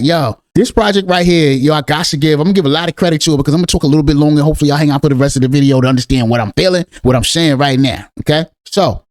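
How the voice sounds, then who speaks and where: A middle-aged man rambles through casual commentary in a slangy, loose way. His voice sits on the high side. It sounds close and dry, with no room around it. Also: darkish tone, no echo. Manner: slangy, rambling, repeats "real talk" and "you know what I'm saying". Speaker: crypto YouTuber.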